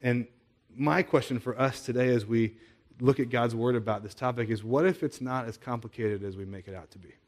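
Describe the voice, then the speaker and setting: A man delivering a sermon in a relaxed, conversational way. His pitch sits in the middle, and he keeps asking the listeners rhetorical questions. He often stumbles and repeats words as he thinks aloud. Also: a little fast. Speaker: pastor.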